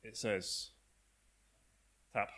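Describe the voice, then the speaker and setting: A male pastor giving a sermon, telling a story in a relaxed, conversational way. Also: drawn-out words. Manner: conversational storytelling with frequent fillers and restarts.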